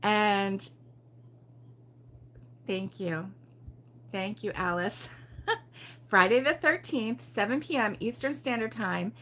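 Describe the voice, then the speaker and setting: A woman's voice: mid-range voice, slow pace, pauses often, sharp tone, slight background noise. An older woman from Baltimore hosting a casual crochet livestream, chatty and giggly, rambling with lots of ums. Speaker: crochet show host.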